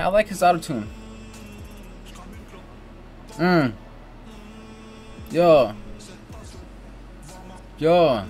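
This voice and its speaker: An American man in his twenties reacts out loud in a loose, slangy way, and his pitch swings up and down as he talks. He sits at a middle pitch for a man, with faint music playing behind him. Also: animated, unhurried, long pauses. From United States. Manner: slangy, exclamatory, keeps saying "you know what I'm saying" and "bro". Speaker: reaction video host. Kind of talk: casual reaction commentary. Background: faint music from the video he is watching.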